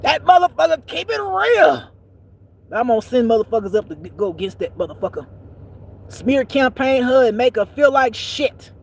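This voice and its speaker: A woman giving a profane spiritual rant as a life teacher, blunt and preachy, swinging between loud outbursts and low muttering. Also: sing-song, moderate pace, gravelly, husky, poor audio. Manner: blunt and preachy, swearing freely.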